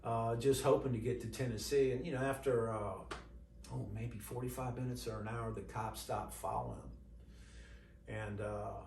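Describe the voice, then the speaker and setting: A man's voice: medium pitch, fairly even intonation, moderate pace, creaky, a little mellow, recorded from a distance. A middle-aged man rambles through a personal tale, slipping into quoted back-and-forth with plenty of "you know" and "uh." He sits well back from the microphone in a roomy space, with a faint hum of ambience behind him. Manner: rambling retelling full of quoted dialogue and fillers. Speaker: storyteller. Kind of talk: casual spoken storytelling.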